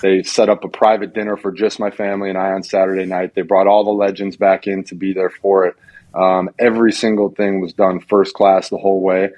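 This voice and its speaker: A man who is a retired football player, a guest on a talk show, telling stories in an animated, self-mocking way. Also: sits low, a little fast, dull audio. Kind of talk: casual chat on a talk show.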